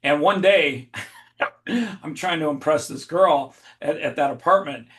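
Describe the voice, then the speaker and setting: A man telling a story in a relaxed podcast chat. His voice sits a touch high for a man, and he tells the tale with loose, profane energy and bursts of laughter. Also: measured pace. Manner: animated, swearing, laughing storyteller. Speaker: podcast guest. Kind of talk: casual storytelling.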